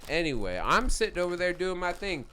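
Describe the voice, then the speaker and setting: A man co-hosting a podcast, telling an animated story with heavy swearing and frequent laughter in casual chat. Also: sits high, fairly quick, clear, resonant tone. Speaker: podcast co-host.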